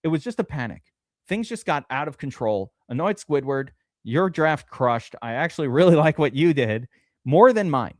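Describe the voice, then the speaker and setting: A man hosts a live-stream fantasy draft, rambling excitably and swearing as he goes. His voice sits somewhat high and swoops up and down a lot, and the sound is dry and close. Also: moderate pace, dry recording. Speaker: streamer host.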